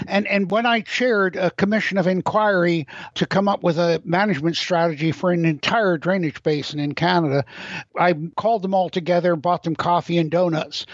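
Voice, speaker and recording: Older man with a wry, high voice. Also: no echo. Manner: wry, anecdotal, opinionated. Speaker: guest. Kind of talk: interview conversation. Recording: dull, dry lo-fi sound.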